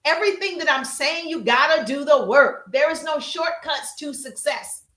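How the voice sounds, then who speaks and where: A woman teaching social media business strategy on a live stream, energetic and emphatic, calling out to viewers in the chat. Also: high voice, normal speed, reverberant.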